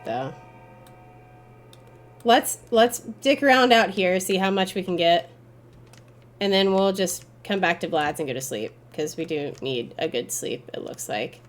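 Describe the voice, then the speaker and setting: A woman giving gameplay commentary, excitable and swearing freely, breaking into frustrated yells, then calmly explaining in a recap. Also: medium pitch, measured pace. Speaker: gaming YouTuber.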